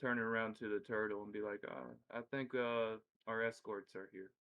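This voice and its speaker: A man's voice: lowish voice, steady tone, normal speed, muffled recording. Dude playing a tabletop game, says what he does then talks in character. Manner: plain, declares actions then speaks in character. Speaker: player. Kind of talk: tabletop role-play, in-character.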